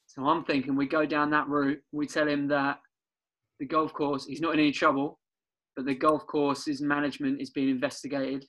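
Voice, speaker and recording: Casting: male podcast co-host, a bit high-pitched, loose banter. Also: level tone, moderate pace, a bit bright, poor audio. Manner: laughing, swearing, loose and chatty.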